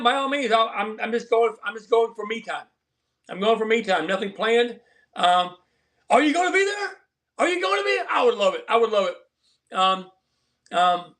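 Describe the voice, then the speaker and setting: A man's voice: sits high, fairly bright tone. A man hosting a live stream, chatting in a rambling, earnest and preachy way to his viewers. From southern Colorado. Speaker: livestream host. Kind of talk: casual livestream chat.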